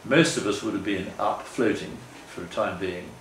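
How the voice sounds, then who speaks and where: At a moderate pace and fairly low pitch, an older guest speaker rambles earnestly through a slide talk in a meeting hall, correcting himself often. The recording, made from a distance, has room echo, faint ambience, and slight background noise.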